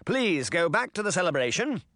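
A man voicing a smug, smooth-talking adult prince in an audiobook, assured and commanding. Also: sits high, sing-song, moderate pace, fairly bright tone, no room sound, studio quality, voice pushed up. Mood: placating. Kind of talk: audiobook character voice.

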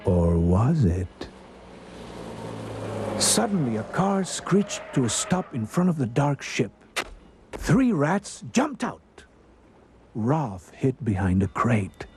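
Slow expressive man reading a storybook. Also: fairly high pitch, noisy background. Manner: slow and expressive, dramatic pauses. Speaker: narrator. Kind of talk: storybook read-aloud.

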